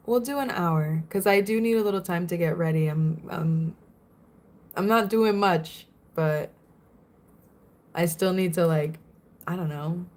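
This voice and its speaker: A young woman from Florida chatting casually on a livestream, giggling often and answering viewers' comments. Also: fairly low pitch.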